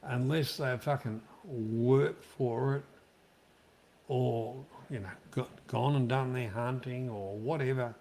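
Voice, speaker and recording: Slow, gravelly Australian man. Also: mid-range voice, darkish tone, slight background noise. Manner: blunt, profane, opinionated. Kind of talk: casual chat.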